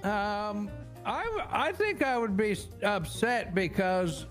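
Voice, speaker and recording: A man's voice: high-pitched, big pitch swings, slow pace, a bit bright, soft background music. A man playing a therapy client in an improvised role-play, hesitant and earnest, with lots of fillers.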